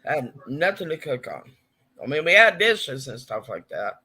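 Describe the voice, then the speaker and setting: A man's voice: fairly high pitch, very animated, normal speed, sharp tone, husky. A man hosting a casual live stream, chatting and reading viewers' comments aloud.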